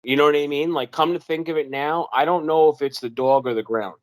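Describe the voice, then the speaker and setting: A young man from New York telling a wilderness story in an animated way, acting out the voices of the people in it and using lots of fillers. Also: fairly high pitch, fairly quick, no room sound. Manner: animated, acts out quoted dialogue in a raised voice, many fillers. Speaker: guest telling his encounter. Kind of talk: casual storytelling interview.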